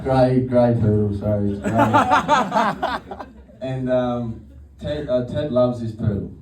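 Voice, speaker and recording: A stand-up comedian on a comedy venue stage tells crude, rambling stories, often breaking into laughter. His mid-range voice is slow and mellow, picked up by a distant mic in an echoey, noisy room.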